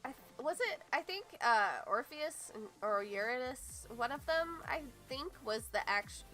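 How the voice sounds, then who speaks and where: A young woman giving casual, rambling commentary on a video game theory, thinking aloud and filling pauses with lots of likes and ums. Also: sits high, lively intonation, bright, forceful tone, faint music behind. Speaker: gaming theory YouTuber.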